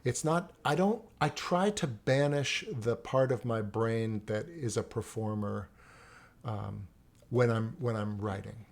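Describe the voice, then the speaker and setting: A man's voice: lowish voice, takes it slowly, gravelly. A middle-aged man, a poet and teacher, telling rambling stories in a casual interview, often restarting his sentences. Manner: rambling storyteller, frequent restarts.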